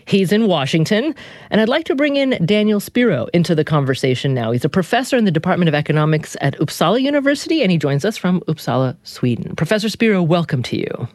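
A woman hosting a public radio interview show, introducing guests and asking measured questions from a studio microphone. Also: lowish voice, sing-song, darkish tone, no room sound.

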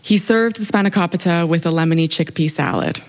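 A woman's voice: lowish voice, a little fast. A young woman telling a wry personal story on stage to an audience. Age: young adult.

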